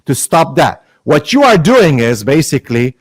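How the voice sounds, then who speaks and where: A man's voice: a little high, sing-song, moderate pace, breathy edge, dry recording. Combative man debating with Arabic terms. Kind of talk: heated online debate.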